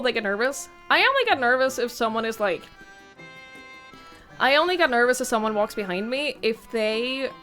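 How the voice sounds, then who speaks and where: Young woman, rambling game-stream chatter, giggly, fairly high voice, faint music behind. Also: a bit bright. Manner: rambling, giggly, swears casually. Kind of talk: casual chat while gaming.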